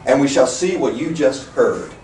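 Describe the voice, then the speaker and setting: A male preacher giving an emphatic, animated sermon, sometimes rising to a shout, recorded from far off in a room. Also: medium pitch, moderate pace. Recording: echoey room from far off with faint noise.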